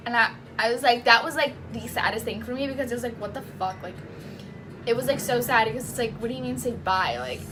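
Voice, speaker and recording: Animated young woman telling a story. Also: a little high, quick pace, music in the background. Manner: animated, acts out the voices in her story; laughs often, drops to a hush at tense moments. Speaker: patient telling her surgery story. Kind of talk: casual storytelling vlog.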